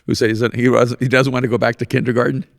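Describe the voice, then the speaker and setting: A man's voice: mid-range voice, level tone, rapid-fire, creaky, no room sound, studio quality. A man hosting a podcast in casual conversation, telling stories with animation and laughing often at his own anecdotes. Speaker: podcast host.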